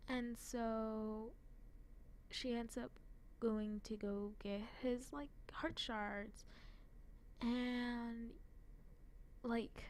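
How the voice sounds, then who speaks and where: A woman's voice: a little high, steady tone, slow pace, pauses often. A young woman talks casually and unhurriedly, her thoughts wandering and padded with fillers. She giggles at herself often. A faint hum of room noise sits under her voice. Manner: giggly, rambling, lots of "like" fillers, self-deprecating. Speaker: anime fan vlogger. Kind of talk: casual rambling chat.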